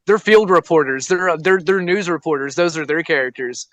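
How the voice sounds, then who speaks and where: A man talking excitedly on a podcast about making a film, swearing heavily and saying "dude" and "man" a lot. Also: on the high side, a little fast, no room sound. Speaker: filmmaker, podcast talker. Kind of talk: casual podcast chat.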